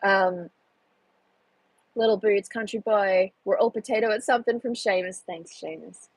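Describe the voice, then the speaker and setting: Chatty young woman, husky voice. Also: mid-range voice, moderate pace, no echo, rough recording. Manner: chatty, self-deprecating, reads chat aloud with laughs. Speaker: live streamer. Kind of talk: casual live stream chat. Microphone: phone.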